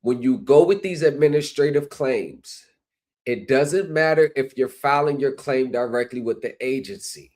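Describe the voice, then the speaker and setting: A man's voice: medium pitch, moderate pace, darkish tone. A man hosting a livestream, lecturing his viewers with repeated rhetorical phrases. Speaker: streaming commentary host. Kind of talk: livestream commentary.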